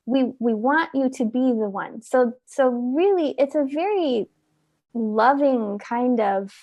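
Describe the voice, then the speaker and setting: A woman's voice: high-pitched, animated, slow pace, mellow, no echo, lo-fi sound. A woman guest on an interview, talking casually and earnestly, often repeating words as she gathers her thoughts. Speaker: orchestra oboist, interview guest.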